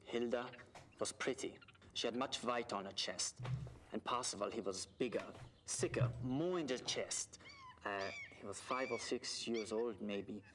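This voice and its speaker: A man's voice: medium pitch, noisy background, close to an everyday voice. An actor voicing a plain, literal adult male zookeeper with a German accent in a video game. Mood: matter-of-fact. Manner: flat, matter-of-fact, short halting answers.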